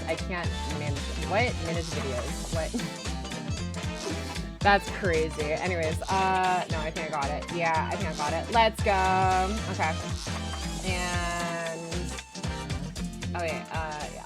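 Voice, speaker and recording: A woman streamer chatting casually with her viewers, bubbly, with sudden loud squeals when she greets people. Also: low-pitched, measured pace, loud music behind the voice. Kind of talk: casual live-stream chat.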